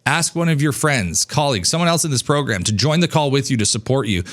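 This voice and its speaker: Man, 30s, business coach, energetic, casual teaching, mid-pitched voice, casual swearing. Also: quick pace. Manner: animated, acts out dialogue in a higher voice, casual swearing.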